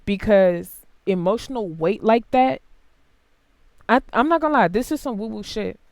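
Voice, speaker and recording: A tarot reader giving a casual, blunt and heavily profane reading to camera, swinging between quiet asides and loud outbursts. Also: normal speed, dry recording. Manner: big jumps in pitch and loudness.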